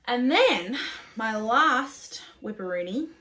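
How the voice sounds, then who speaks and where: A woman's voice: on the high side, expressive, takes it slowly, bright, forceful tone. Chatty Australian woman talking knitting. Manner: chatty, swears freely, self-deprecating, laughs often. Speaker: knitting podcast host. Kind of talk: casual chat.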